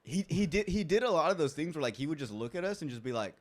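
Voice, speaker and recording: एक युवा पुरुष होस्ट, अनौपचारिक बातचीत में किस्से सुनाता और बातें दोहराकर अभिनय करता हुआ।. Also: male voice, a little high, fast. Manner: animated storytelling, acts out quotes. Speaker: podcast host. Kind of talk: casual chat.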